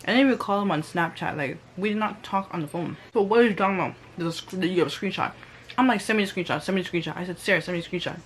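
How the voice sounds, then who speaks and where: A woman's voice: fairly low pitch, very fast, a little hiss or hum. A young woman telling a storytime vlog in casual, slangy talk, acting out what others said. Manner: animated, slangy, reenacts quotes. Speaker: vlogger.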